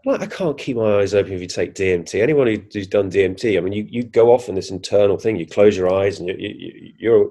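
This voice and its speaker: On a podcast, a guest whose voice is fairly low and dark in tone recounts a personal experience with lots of energy. He performs his own reactions as he goes and often starts over mid-sentence, keeping it casual and first-person.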